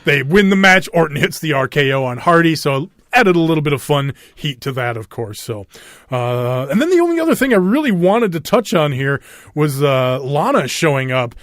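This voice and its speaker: A man's voice: fairly high pitch, sing-song, normal speed, fairly bright tone, dry recording, clean studio sound. A man co-hosting a wrestling podcast in casual chat, laughing often and rambling. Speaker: podcast co-host.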